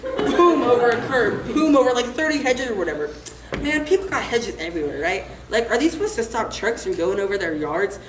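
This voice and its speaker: Brief: woman as a rambling teen delinquent, fairly high voice, echoey stage sound. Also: expressive, brisk, close to an everyday voice. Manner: breezy, rambling, full of "like" and "right?". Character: reckless rambling teen troublemaker on probation. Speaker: student actor in a stage monologue. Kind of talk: comic stage monologue. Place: live on a theater stage. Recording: echoey theater hall, faint hiss.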